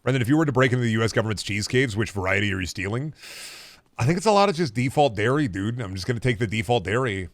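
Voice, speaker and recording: A man in his thirties streams a game, rambling in a laid-back, casual way and swearing freely. His medium-pitched voice is animated and quick, with no echo.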